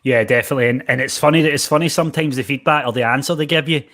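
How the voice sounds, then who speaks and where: Fast-talking Scottish man. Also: mid-range voice. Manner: rambling, animated storytelling with lots of fillers. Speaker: podcast host, personal trainer. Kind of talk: casual podcast chat.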